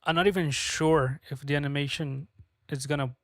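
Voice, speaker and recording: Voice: mid-range voice, steady tone, moderate pace, a bit bright, dry recording, studio quality. A streamer talking casually on a live stream while working, frustrated, swearing a lot and muttering to themselves.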